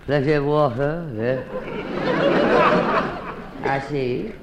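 A woman's voice: extremely low pitch, takes it slowly, a loud crowd, very noisy. A woman hosting an old-time radio comedy monologue, delivering it in a theatrical drawl and calling everyone darling.

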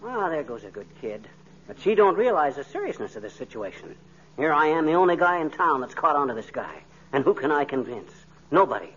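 An excitable, boastful husband on old radio, bright and high-pitched. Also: male voice, a little fast, husky, full character voice. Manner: blustering, excitable, folksy. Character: blustering, boastful, suspicious middle-aged husband. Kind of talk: 1940s radio comedy acting. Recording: dull lo-fi old radio recording with faint hiss.

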